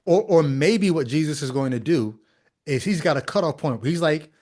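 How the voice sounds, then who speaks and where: A man's voice: a little high, expressive, normal speed, darkish tone. A man hosting a podcast, giving critical commentary on a video clip in a skeptical, conversational way full of rhetorical questions. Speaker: podcast host.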